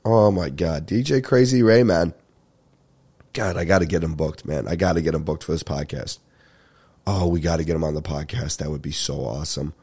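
A man's voice: lowish voice, mellow. A young man hosting a comedy podcast, rambling through stories with lots of swearing and laughter, sounding congested as he gets over a sinus infection. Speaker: podcast host. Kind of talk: casual comedic storytelling.

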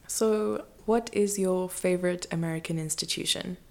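A woman's voice: on the low side, normal speed, vocal fry, a little mellow. A woman co-hosting a podcast in casual chat, laughing often as she talks. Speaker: podcast co-host.

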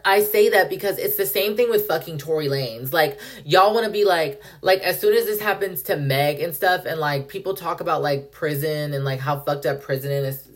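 A woman's voice: sits low, moderate pace, few pauses. A young woman hosting a solo podcast, ranting in a heated, profane way and saying "like" constantly. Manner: heated, profane, heavy use of "like". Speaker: podcast host.

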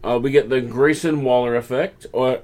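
A man's voice: mid-range voice, fairly even intonation, moderate pace, darkish tone. A man casually recapping a wrestling show, breaking into mocking voices to quote the wrestlers. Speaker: podcast co-host.

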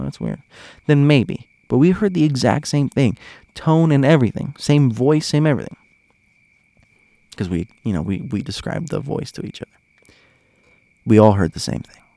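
A man's voice: mid-range voice, gravelly, darkish tone, no echo. A man hosting a podcast, chatting casually and animatedly straight to his listeners with frequent chuckles. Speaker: podcast host. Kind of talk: casual storytelling chat.

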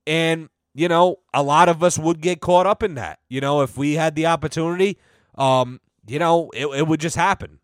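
A man hosting a comedy podcast, ranting casually and profanely, filling every pause with "you know" and acting out quoted people. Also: no echo. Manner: acts out quoted voices with big pitch swings. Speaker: podcast host.

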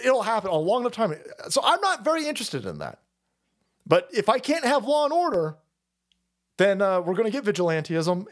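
High-voiced guy ranting on a stream, cusses a lot, voice jumps all over. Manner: loud, swearing, laughing, swings from shouts to mutters. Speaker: livestream host. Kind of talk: profane political rant.

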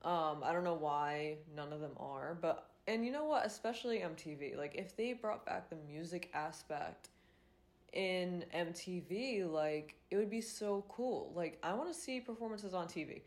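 Young adult woman, podcast host. Low-pitched, congested and nasal, loose rambling delivery with frequent fillers and casual swearing. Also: expressive, moderate pace. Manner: rambling, lots of "like" and "um", swears freely. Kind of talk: casual chat.

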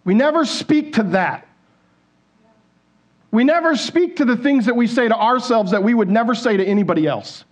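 A pastor with a very high, expressive voice delivers a sermon from a church stage at normal speed. He keeps it conversational, questioning the congregation and performing the inner voices people hear.

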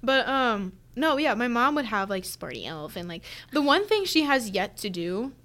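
A young woman in her twenties with a fairly high voice, co-hosting a casual podcast. She rambles and gets sidetracked, filling her stories with ums, likes and restarts. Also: big pitch swings, normal speed, fairly bright tone. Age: 20s. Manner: rambling, sidetracked storytelling with frequent fillers and laughter. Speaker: podcast co-host. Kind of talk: casual chat.

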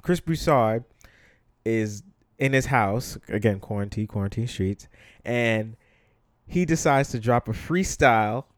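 This man hosts a casual solo podcast, giving blunt, conversational commentary peppered with ums and you-knows; he's from the Bronx, New York. His mid-range voice is expressive and unhurried, and the clean studio recording has no room sound.

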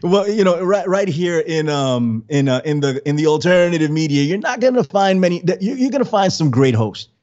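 Fairly high-pitched and expressive, a man runs a casual livestream podcast, talking a little fast with few pauses. The audio is dull, and he rambles, repeats words, and throws out friendly shout-outs as he welcomes the chat.

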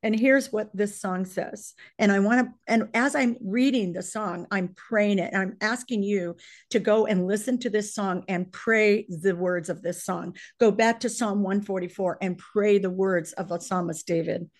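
A woman's voice: medium pitch, steady tone, normal speed. Fervent, tearful middle-aged woman praying. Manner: fervent, emotional, builds in force when reading lyrics. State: choked up, near tears. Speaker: prayer leader on a briefing call. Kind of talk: earnest spoken prayer and scripture reading.

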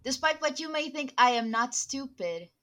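A woman's voice: sits high, animated, normal speed, pushed and bright, voice pushed up. Woman playing a defiant half-elf man. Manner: stiff, clipped, defiant. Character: wary half-elf man, defiant toward his handler. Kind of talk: tabletop role-play.

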